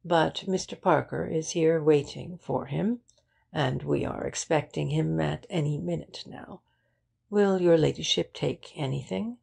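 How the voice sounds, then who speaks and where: A woman voicing a formal, unflappable male butler who speaks in a deferential, measured way. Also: low voice, vocal fry, a little mellow, husky, exaggerated voice.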